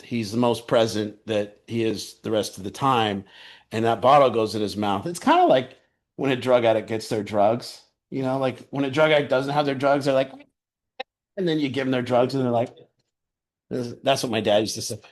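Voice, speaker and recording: A man telling a personal story in a casual, rambling way. He often restarts his sentences and laughs as he talks. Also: medium pitch. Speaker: storyteller sharing a personal account.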